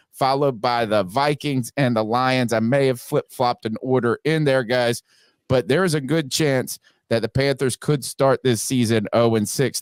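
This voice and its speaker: Upbeat guy hosting a sports podcast, quick plugs, dry close mic. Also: mid-range voice, smooth, no echo. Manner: upbeat, promotional, rapid plugs. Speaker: podcast host. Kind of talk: casual sports podcast talk.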